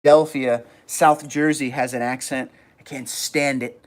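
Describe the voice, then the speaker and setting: A man's voice: medium pitch, steady tone, normal speed. A middle-aged man from New York with a New York accent, chatting casually on a livestream and reading viewer comments aloud. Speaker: livestream host.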